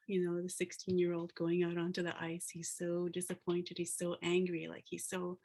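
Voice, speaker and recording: A woman's voice: fairly low pitch, little pitch movement, a little fast, creaky, few pauses, darkish tone. Casual storytelling woman speaker. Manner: casual, fills with "like" and "you know". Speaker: guest speaker, planner. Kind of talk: storytelling talk. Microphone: video call.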